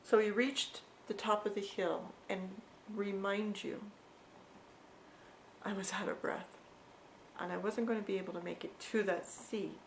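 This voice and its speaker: A woman recounting a personal story for her vlog, with a gravelly edge to her voice at an ordinary pitch. She talks in a loose, repetitive way and keeps turning to the viewer with asides. Faint ambience sits behind her. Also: steady tone, a little slow, slight background noise, poor audio. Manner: repetitive, conversational retelling with frequent asides. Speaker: vlogger.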